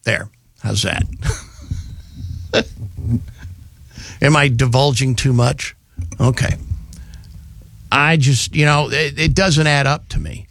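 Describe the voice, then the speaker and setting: A man's voice: medium pitch, slow, creaky, long pauses, a bit bright, slight background noise. A male radio talk show host delivering an indignant, rambling, sarcastic opinion monologue on a studio microphone.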